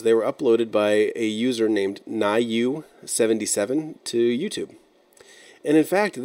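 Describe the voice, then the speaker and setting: A man narrating an internet-mystery video in a measured, explanatory and slightly wry way. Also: fairly low pitch, darkish tone. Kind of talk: scripted narration.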